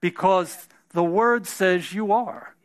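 A man's voice: sits high, slow pace. A man in his fifties or older preaching a sermon, emphatic and drawn out, with casual, folksy asides. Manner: laughs during his own anecdotes.

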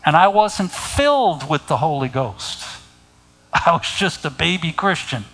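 A middle-aged man delivering a sermon in a slow, unhurried cadence. His voice sits a little high for a man. He speaks deliberately and keeps pointing his listeners to scripture. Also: animated, a bit bright, rough recording. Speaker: preacher.

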